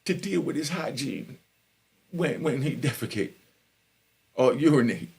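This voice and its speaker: An older man, ranting loudly and with heavy profanity at viewers of his prison stories vlog. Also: on the high side, sing-song, a little slow, gravelly, pauses often. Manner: loud, profane, preaching to viewers. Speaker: prison story vlogger. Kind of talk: heated unscripted monologue.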